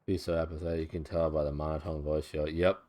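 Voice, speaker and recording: A man joining a game stream over a call, with dry, teasing, low-key banter. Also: little pitch movement, fast talker, dark tone. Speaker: co-player on a call. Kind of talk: casual gaming banter.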